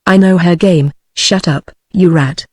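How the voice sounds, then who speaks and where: A British-accented synthetic female voice reading the lines of a sharp-tongued, fierce young woman. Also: fairly low pitch, measured pace, no room sound, studio quality. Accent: British English.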